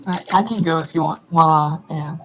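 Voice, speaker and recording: A man's voice: fairly high pitch, a little fast, background noise. Hesitant man playing a tabletop game. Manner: hesitant, lots of ums, casual slang. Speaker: player. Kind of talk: tabletop role-play, speaking in character. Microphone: faulty computer mic over online voice call.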